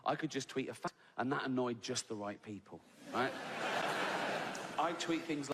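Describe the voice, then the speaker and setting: A man's voice: medium pitch, normal speed, heavy background noise. A British man performing a live stand-up routine, sardonic and mocking, building to incredulous outbursts. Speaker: stand-up comedian. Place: large live venue with audience. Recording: live hall recording with audience ambience.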